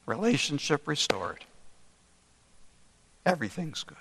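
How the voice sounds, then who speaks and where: An older man preaching a sermon, telling a story earnestly with slow, deliberate emphasis. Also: on the high side, sing-song, fairly bright tone, slight background noise. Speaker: pastor. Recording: long reverb in a large hall.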